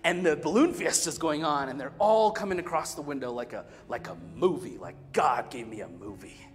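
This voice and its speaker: A man in his thirties preaches a sermon in a large church hall, his voice fairly high for a man. He swings from loud, emphatic lines to hushed near-whispers and tells stories with humor. A long reverb hangs on every word, and a soft guitar plays underneath. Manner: storytelling with humor. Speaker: pastor.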